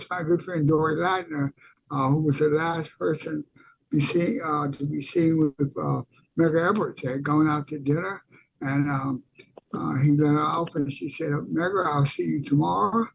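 Older radio co-host, man, husky, slightly high, slow and emphatic. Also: poor audio. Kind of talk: radio talk show.

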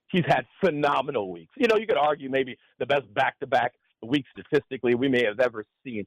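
A man co-hosting a talk radio show, giving animated, opinionated analysis of sports and politics. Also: medium pitch, dry recording, low-quality recording.

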